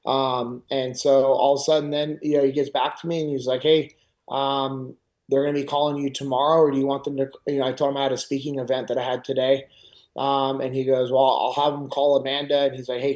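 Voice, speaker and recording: A middle-aged man hosting a podcast, casually telling a personal story and acting out other people's lines. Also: medium pitch. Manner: animated retelling, acts out others' lines. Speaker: podcast host.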